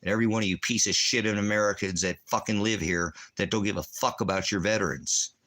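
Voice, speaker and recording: A man's voice: lowish voice, fairly even intonation, fast, pushed and bright. Furious profane man ranting. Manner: profane, combative, rambling. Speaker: veteran ranting. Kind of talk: angry profane rant.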